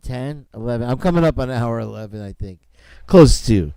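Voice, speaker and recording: A man's voice: medium pitch, animated, moderate pace, gravelly, mellow, clear, resonant tone, no echo, studio quality. A man hosting a casual commentary show, rambling with sarcastic asides and chuckles. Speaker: host.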